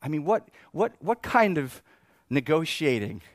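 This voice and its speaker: A man preaching a sermon in an animated, lively way, often laughing and acting out the scripture he talks about. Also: a little high, unhurried, no echo, studio quality. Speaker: pastor.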